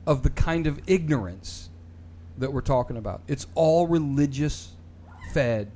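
A man's voice: medium pitch, lively intonation, unhurried, dark tone. A man hosting a casual panel chat, opinionated and often repeating his first words as he starts a thought. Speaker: show host.

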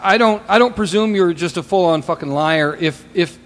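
A man's voice: high-pitched, brisk, a bit bright, long reverb tail. A man co-hosting a podcast, chatting casually in a profane, rambling way with stammering restarts. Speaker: podcast co-host.

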